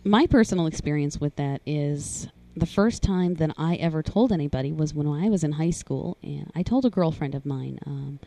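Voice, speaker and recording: Low-voiced woman recounting earnestly. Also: vocal fry, warm tone, no room sound. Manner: earnest, halting, rises in pitch when voicing others. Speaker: guest sharing personal story. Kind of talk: personal testimony in conversation.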